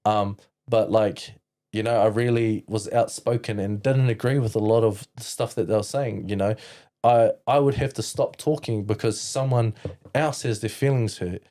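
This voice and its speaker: A man's voice: fairly low pitch, fairly even intonation, moderate pace, mellow. A young man, a podcast guest telling his own story in casual chat, filling his talk with "like" and "you know". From New Zealand. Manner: rambling, heavy use of "like" and "you know".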